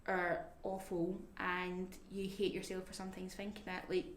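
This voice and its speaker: A woman speaks in a candid interview, reflective and halting, sometimes dropping almost to a whisper. Her pitch stays level and fairly flat. The room around her is echoey, with a faint hiss beneath. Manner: reflective and halting, often drifting to a near-whisper. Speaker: family carer.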